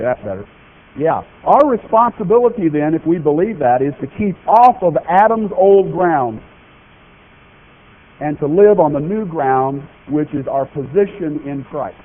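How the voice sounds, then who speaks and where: A man preaching a sermon, speaking emphatically and asking his congregation questions. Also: a little high. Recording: tinny phone-like broadcast audio with faint noise.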